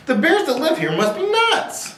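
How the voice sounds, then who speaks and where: Squeaky tired little girl done by a guy reading aloud, echoey room, mic kinda far off. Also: huge pitch swings, moderate pace, a bit bright, slight background noise, exaggerated voice. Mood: exhausted. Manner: high squeaky exaggerated. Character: cranky worn-out little girl.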